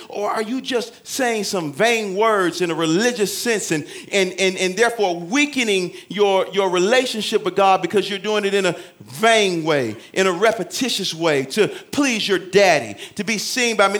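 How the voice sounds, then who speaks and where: A man preaching a sermon in a folksy, joking way, swinging between loud shouted emphasis and hushed asides. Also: high-pitched, normal speed, hardly any pauses. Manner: conversational, folksy preaching with humor.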